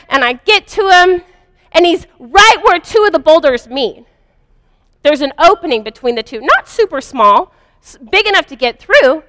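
In a high-pitched, slightly bright voice, a woman recounts a personal spiritual experience in a confessional first-person way. She's earnest and vivid, and the sound has no echo but feels like a big room.

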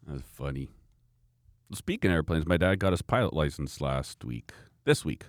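Man in his forties, podcast co-host; very low voice, close and dry sound, chatty storyteller. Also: expressive, moderate pace, no room sound. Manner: rambling anecdotal storyteller, chuckling often. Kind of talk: casual chat.

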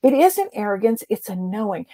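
A woman's voice: mid-range voice, sing-song, moderate pace, mellow, no room sound, studio quality. A middle-aged woman, a coach being interviewed, telling stories in a casual chat and acting out the dialogue she quotes. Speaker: transformation coach guest.

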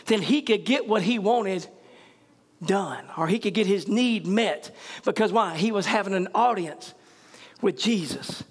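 A man preaching a revival sermon to his church. He shouts in fervent surges and breaks into hallelujahs, then drops low and quiet to tell the story. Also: normal speed.

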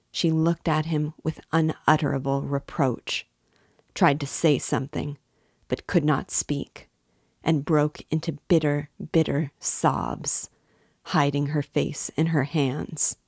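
Woman narrator, novel audiobook, measured and expressive, unhurried pace. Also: low-pitched, vocal fry, slightly rough, dry recording, clean studio sound. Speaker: reader and guide of a book series. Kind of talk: audiobook reading of a classic novel.

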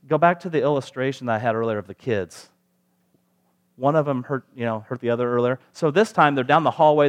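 A male pastor preaching a sermon in a conversational way, asking the congregation rhetorical questions. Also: medium pitch.

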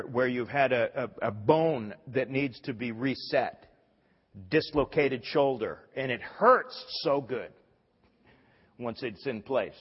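Husky preacher in an echoing hall. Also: male voice, medium pitch. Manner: impassioned, acts out quoted voices, repeats words. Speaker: pastor. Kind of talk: sermon. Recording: dull sound with long hall reverb.

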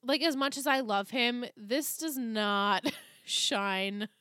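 A woman in her thirties co-hosting a podcast, recapping a TV episode in casual chat and acting out the characters' lines with animated delivery. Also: fairly high pitch, takes it slowly, clean tone, dry recording. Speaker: podcast co-host.

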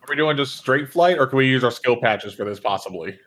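Male player, bright tone, relaxed, checks the rules. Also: mid-range voice, fairly quick. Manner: easygoing, asking about rules. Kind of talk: casual chat at a tabletop game.

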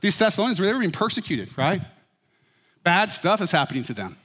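Animated pastor in a reverberant hall. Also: male voice, sits high, a little fast, slightly rough. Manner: humorous, animated storytelling. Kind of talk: sermon.

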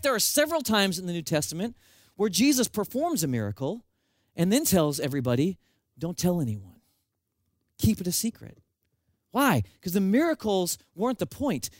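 Animated, lively-voiced male preacher. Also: sits high, no echo. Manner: animated storytelling, self-mocking humor. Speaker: pastor. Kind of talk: sermon.

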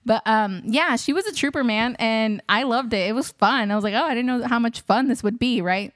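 A woman's voice: on the high side, a little fast, dry recording, clean studio sound. A woman who is a wedding photographer and host, telling a story casually to her listeners, chatty with many fillers and frequent laughs.

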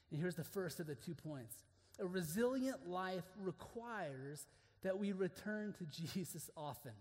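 Earnest high-voiced preacher in reverberant hall. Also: male voice. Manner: earnest, swinging from hushed to emphatic. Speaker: preacher speaking to men. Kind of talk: sermon.

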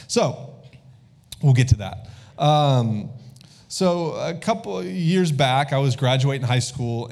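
A man in his thirties, a pastor, giving a lively call-and-response sermon in a church and asking the congregation for amens. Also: medium pitch. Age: 30s. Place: church sanctuary.

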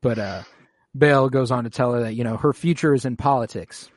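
A man co-hosting a casual talk show, retelling scenes with lots of swearing and quick voices for the characters. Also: medium pitch, no room sound, clean studio sound. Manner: animated retelling with quick put-on character quotes. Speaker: podcast co-host. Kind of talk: casual profane fan chat.

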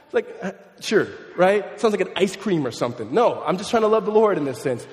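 A pastor around thirty preaching a sermon in a conversational, animated way, mixing in humorous family stories. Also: male voice, high-pitched, fast, in a large hall.

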